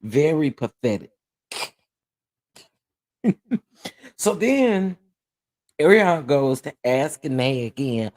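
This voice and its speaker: A sassy man chats live with his viewers about celebrity gossip, his voice swooping high with exclamations and laughing a lot. He keeps asking "okay?" in a quick, dramatic way. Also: very animated, a little mellow. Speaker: host of a gossip commentary livestream. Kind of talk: live commentary chat.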